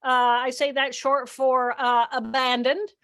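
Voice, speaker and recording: An older woman giving an animated, expressive teaching talk outdoors by the water, acting out inner voices as she explains. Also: sits high, measured pace. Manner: expressive, acts out inner voices with dramatic shifts. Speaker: guest speaker, neuroanatomist.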